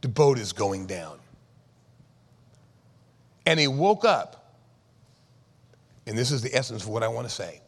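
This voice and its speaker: A man preaching a sermon, swinging from loud bursts to hushed tones and acting out quoted voices. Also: mid-range voice, lively intonation, measured pace, pauses often, slightly rough. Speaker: pastor. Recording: reverberant church hall.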